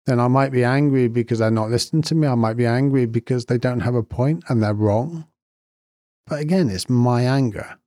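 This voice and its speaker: A man's voice: medium pitch, a little fast, warm tone, no room sound, studio quality. A man giving a reflective spoken talk, telling stories and repeating his points for emphasis.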